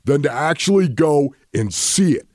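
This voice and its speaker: A man's voice: a little high, lively intonation, normal speed, a little mellow, no echo. A man co-hosting a sports podcast, a former player who talks emphatically and chuckles often. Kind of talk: casual sports talk.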